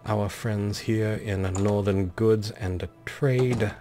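A man's voice: on the low side, steady tone, takes it slowly, warm tone, soft background music. A man hosting a let's play with commentary, speaking in an affected, pompous persona and calling the game characters darling and dear.

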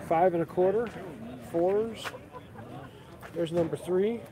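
A man's voice: sits high, takes it slowly. A man hosting a casual walk-through of tables at an outdoor tool sale, naming tools and prices as he goes. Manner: casual, chatty, lists prices and tools as he walks. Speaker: woodworking channel host. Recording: crowd noise outdoors. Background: crowd chatter.

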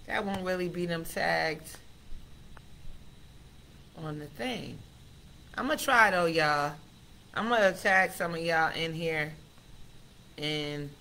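A woman hosting a casual live stream, chatty and excitable, talking straight to her viewers. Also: deep voice, slight background noise. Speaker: host of a live affirmation stream.

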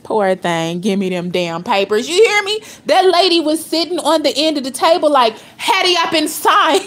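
Reaction vlogger: woman, higher voice, blunt, gossipy, profane, quick to laugh. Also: big pitch swings. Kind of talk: casual reaction commentary.

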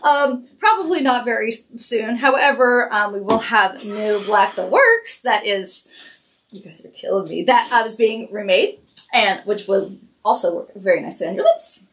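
A woman hosting a cosmetics live stream, chatty and quick to laugh. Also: on the high side, animated, a bit bright. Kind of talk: casual live-stream chat.

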